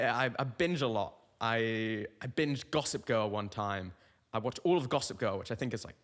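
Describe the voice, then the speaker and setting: Rambling young comedian, reverberant room. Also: male voice, mid-range voice, fairly bright tone. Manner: rambling, tangent-prone storytelling. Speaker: comedian host. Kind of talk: comic podcast monologue.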